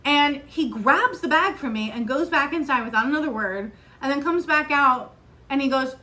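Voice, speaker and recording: A young woman hosting a podcast, telling a story in a chatty, animated way with lots of fillers. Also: high-pitched, normal speed. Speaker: podcast host. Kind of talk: casual solo podcast chat.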